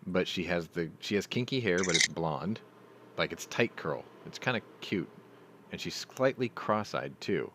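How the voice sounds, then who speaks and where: Deep-voiced middle-aged man telling stories. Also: lively intonation, normal speed, noisy background. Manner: profane, rambling storyteller. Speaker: host. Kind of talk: casual live chat.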